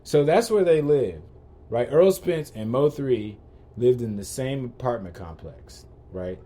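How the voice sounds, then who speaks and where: A man's voice: mid-range voice, expressive, a little slow, mellow. A man hosting a podcast, ranting in a heated, profane way and repeating rhetorical questions. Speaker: podcast host. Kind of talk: ranting commentary.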